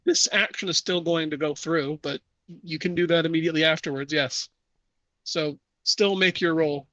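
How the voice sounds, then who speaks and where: A man running a tabletop game as game master, narrating scenes in a measured, descriptive way. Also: fairly high pitch, fairly even intonation, pushed and bright, no echo, muffled recording.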